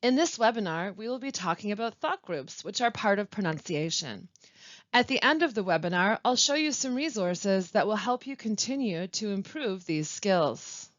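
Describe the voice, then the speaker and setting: A woman who works as a language support specialist, presenting a pronunciation webinar with clear, deliberate teaching and careful pauses. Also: medium pitch, lively intonation, no room sound. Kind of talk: instructional webinar narration. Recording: dull, lo-fi dry voice-over.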